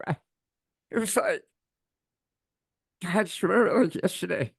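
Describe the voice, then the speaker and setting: A man's voice: high-pitched, moderate pace, vocal fry, husky, no echo, clean studio sound. A man co-hosting a podcast, telling a raw, emotional personal story and swearing as he relives it. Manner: raw, swearing, quotes himself shouting. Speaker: podcast co-host.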